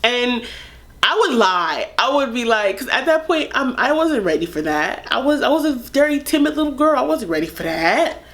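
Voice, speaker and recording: A young woman vlogger telling a personal story in a candid, animated, chatty way, full of fillers. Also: on the high side, moderate pace, a little hiss or hum. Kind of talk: casual storytime.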